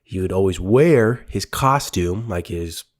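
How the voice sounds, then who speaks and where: A man's voice: sits low, expressive, measured pace. A young man co-hosting a casual movie podcast, rambling with many fillers and restarts. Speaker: podcast co-host. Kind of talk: casual chat.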